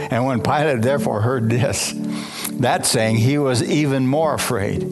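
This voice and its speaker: A man's voice: medium pitch, slow. A man preaching a sermon, reading scripture aloud and breaking off into fervent commentary, often restarting his phrases. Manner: fervent, repeats and restarts phrases, asks the congregation. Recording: music playing behind.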